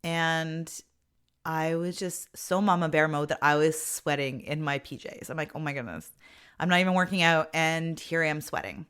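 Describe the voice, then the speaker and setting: A middle-aged woman with a low, smooth voice hosts her own podcast, chatting casually about being a mother. It's an expressive personal monologue, full of "like" and the odd laugh.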